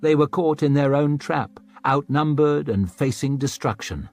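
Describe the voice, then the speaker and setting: A man narrating a dark fantasy audiobook in a dramatic reading style. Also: unhurried. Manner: voices characters with raised pitch and volume.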